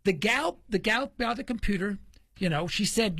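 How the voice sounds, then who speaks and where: On his talk radio show, a man tells stories casually and animatedly, voicing the characters' quoted lines himself. His voice sits high with vocal fry, moving at a moderate pace, and the recording is dry.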